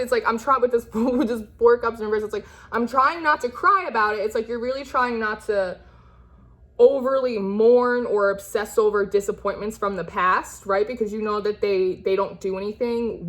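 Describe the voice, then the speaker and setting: Woman, young adult, tarot reader, casual rambling talk, reassuring, mid-pitched. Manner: chatty, rambling, many fillers and restarts; reassuring and encouraging. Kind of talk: casual spoken tarot reading.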